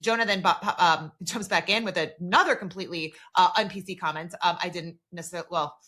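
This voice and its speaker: Woman podcast co-host, casual and animated recap delivery, bright tone. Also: lowish voice, a little fast. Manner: animated, recounts dialogue in quoted voices.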